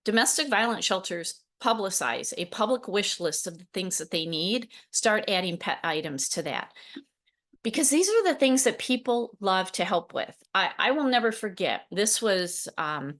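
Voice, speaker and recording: A woman in her forties hosting a podcast, telling stories with lively laughs and acted quotes. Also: medium pitch, normal speed. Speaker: podcast host, program founder. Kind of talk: solo podcast talk.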